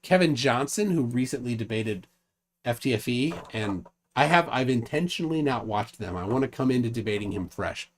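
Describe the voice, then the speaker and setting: A man's voice: mid-range voice, expressive, normal speed. Male host of a casual online stream, reads lists aloud, loose and rambling. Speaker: livestream host. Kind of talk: casual livestream chat.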